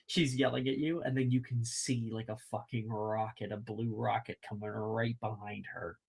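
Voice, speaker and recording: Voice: medium pitch, fairly even intonation, moderate pace, vocal fry, few pauses, darkish tone, slightly rough. A game master narrating a tabletop game, rambling with many fillers and casual swearing.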